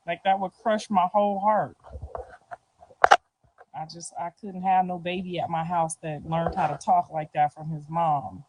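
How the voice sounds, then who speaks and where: A middle-aged woman answers questions in a casual street interview, talking loosely and with slang, often asking "you feel me" and laughing softly. Her voice is lowish, and the background is noisy.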